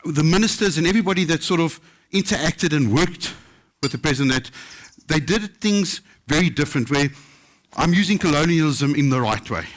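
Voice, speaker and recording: South African man, fairly high-pitched, lively anecdotes told on a festival stage with quoted voices acted out. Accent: South African English. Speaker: chef telling stories. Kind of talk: live storytelling talk.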